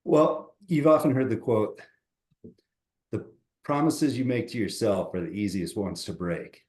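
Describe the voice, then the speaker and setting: A man's voice: lowish voice, a little slow. Upbeat man in an echoey room. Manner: upbeat, counts push-ups loudly and out of breath. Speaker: podcast guest, motivational coach. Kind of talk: casual podcast chat.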